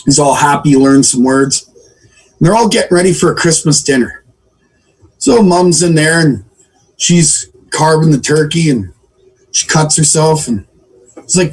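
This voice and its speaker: Husky man telling jokes. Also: lively intonation, unhurried, rough recording. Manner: jokey, self-deprecating, acts out characters with pitch jumps. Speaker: guest. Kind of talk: casual joke-telling on a livestream.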